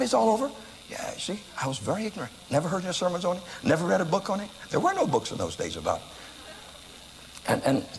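An older American man preaching, telling a story in an animated way with sudden shouts and laughter at himself. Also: a little high, big-room sound, slight background noise, poor audio. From United States. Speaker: evangelist preacher. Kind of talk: storytelling sermon.

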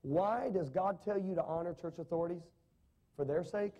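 A man's voice: on the high side, expressive, normal speed, warm tone, dull audio. A man preaching a sermon to a congregation, dramatic, with rising and falling emphasis and frequent questions to the listeners. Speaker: pastor.

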